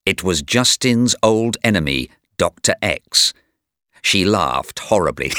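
A man narrating a scripted story for learners, reading slowly and clearly. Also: sits low, animated, bright, forceful tone, dry recording, clean studio sound.

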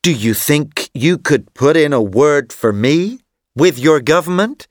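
A man voicing a rich male tourist who is polite and eager, speaking plainly and slowly in a textbook listening story. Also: on the high side, animated, no echo, clean studio sound, pitched above the performer's own voice.

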